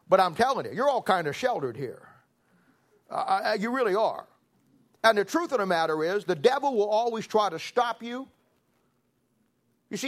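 A middle-aged man preaching a sermon, telling stories in a folksy way and building to forceful emphasis. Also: sits high, big pitch swings, moderate pace, long pauses. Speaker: pastor. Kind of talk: storytelling sermon.

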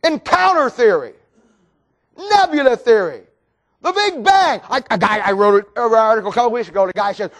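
A man preaching a sermon, mocking and sarcastic, breaking into shouts. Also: very high-pitched, sing-song, normal speed.

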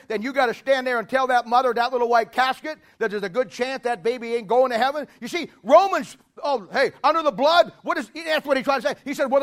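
A man preaching a sermon in a folksy, emphatic way, joking with the congregation and rising to shouts. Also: very high voice. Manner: jokes with the congregation.

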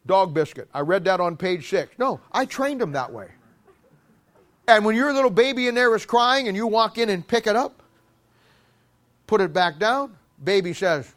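A male preacher with a high voice delivers a sermon in an animated, joking way. He stammers over restarts and acts out little scenes as he goes. His tone is bright and forceful throughout.

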